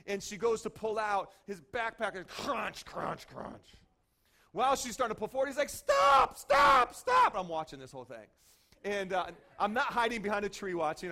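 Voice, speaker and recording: A man who is a pastor, preaching in a conversational way, telling stories with many "okay?" and "right?" asides. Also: high voice. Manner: animated storyteller, frequent "okay?" and "right?" asides. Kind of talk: conversational sermon with acted-out stories.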